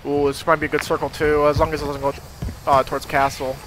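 A man streaming a shooter game, making excited callouts and swearing freely. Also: fairly high pitch, quick pace, noisy background. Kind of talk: live gameplay commentary.

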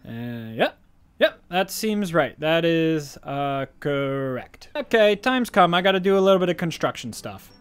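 A man giving casual, goofy gameplay commentary, excitable one moment and mumbling the next. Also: fairly high pitch, a little slow, clean tone. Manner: goofy, excitable, swings between shouts and mumbles. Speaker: gaming YouTuber.

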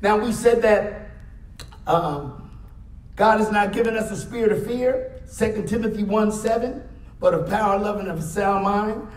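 A man's voice: high-pitched, normal speed. A male pastor preaching a sermon, calling out "Amen?" often and rising to emphatic peaks. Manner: preaching with frequent "Amen?" call-outs, emphatic rises. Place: church sanctuary. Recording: echoey church hall, mic at a distance.

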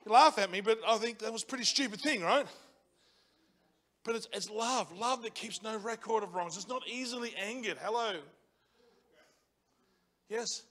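A man preaching a sermon as pastor in a church, passionate and building to loud emphatic repetition. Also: high voice, normal speed, pauses often. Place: church auditorium.

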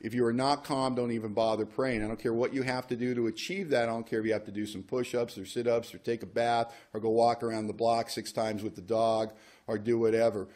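A man's voice: mid-range voice, little pitch movement, brisk, darkish tone. A man leading a recovery workshop, talking casually with joking asides and reading passages aloud. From United States. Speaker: workshop speaker.

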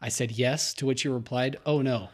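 Young male podcast co-host, mid-range voice, animated reader who laughs a lot. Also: mid-range voice, normal speed. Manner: laughs often, animated storytelling. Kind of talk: casual chat, reading a listener story.

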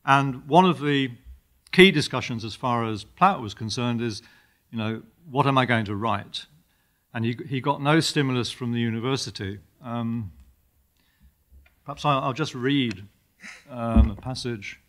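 An older man giving a university lecture, halting often with fillers and repeated words as he reads passages aloud. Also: medium pitch, a bit bright.

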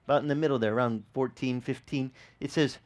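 Male pastor, mid-pitched, chatty animated sermon with audience questions and repeated restarts. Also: fast. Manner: animated, asks the congregation questions. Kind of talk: conversational sermon.

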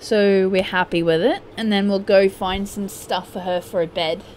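In a mid-range, somewhat dark voice with a steady tone and moderate pace, a young YouTuber chats casually through her life-sim gameplay. She playfully scolds her characters, and slight background noise can be heard.

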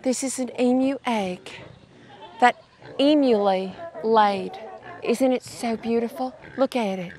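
High, unhurried cheerful woman outdoors. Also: darkish tone. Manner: cheerful, sing-song, addresses viewers as "y'all". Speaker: children's show host. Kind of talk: children's educational presenting. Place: outdoors at an animal sanctuary.

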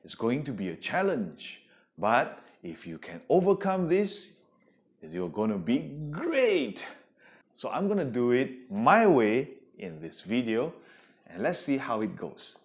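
Young guy teacher, super expressive, voice bouncing all over, talks slow. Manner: expressive, big swings in pitch. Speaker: English teacher. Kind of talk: poetry recitation lesson.

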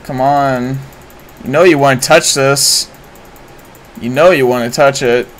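A man commentates live while streaming a game, excitable and given to swearing and sudden shouts. His voice is medium in pitch and his pace measured. The audio is poor.

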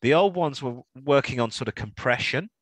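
A man's voice: medium pitch, expressive, moderate pace, no echo. A man co-hosting a car podcast in a casual, jokey, rambling chat. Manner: chatty, jokey, rambling with restarts. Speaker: podcast co-host.

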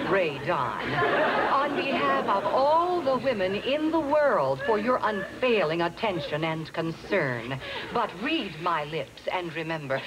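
An actress playing a sharp-tongued woman designer who gives a sarcastic, indignant speech. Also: lowish voice, rough recording. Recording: sitcom clip with loud studio audience.

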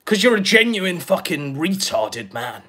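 A male commentator with a husky voice whose pitch swings up and down as he mocks his target. His talk is crude and profane, with a sneering, taunting tone. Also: very animated, unhurried, sharp tone. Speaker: online commentator.

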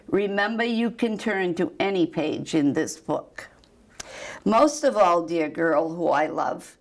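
An older woman reading a children's book aloud in a slow, tender way. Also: mid-range voice. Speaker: storytime reader.

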